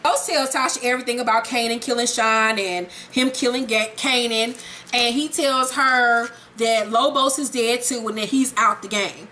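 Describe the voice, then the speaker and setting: A woman's voice: a little high, normal speed, sharp tone, slight background noise. A woman giving a blunt, casual recap of a TV episode, swearing freely and commenting as she goes. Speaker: TV recap vlogger.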